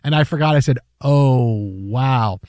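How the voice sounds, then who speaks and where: A man in his forties hosting sports radio, telling an animated story and acting out the quotes. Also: medium pitch, a little slow, no echo. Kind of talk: casual sports talk.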